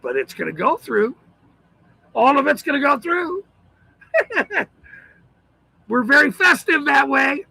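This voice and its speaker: A man in a profane, shouting monologue, ranting as the host of his own channel. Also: very high-pitched, very animated, slow, creaky, long pauses, dry recording, poor audio. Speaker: citizen auditor channel host.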